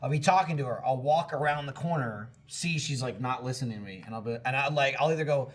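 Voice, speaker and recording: A man's voice: medium pitch, fast talker. A man on a podcast telling rambling, profane stories about home life in casual chat. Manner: swears freely, rambling anecdotes. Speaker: podcast regular. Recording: noisy podcast recording.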